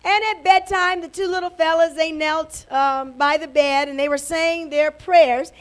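A woman's voice: extremely high pitch, fairly even intonation, a little slow. A woman pastor preaching and praying fervently at a church service, breaking in often with amens and praises. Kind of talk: sermon.

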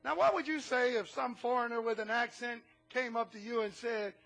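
A man pastor preaching a sermon, animated and often shouting, with humorous asides. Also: extremely high pitch, normal speed, creaky, faint music behind.

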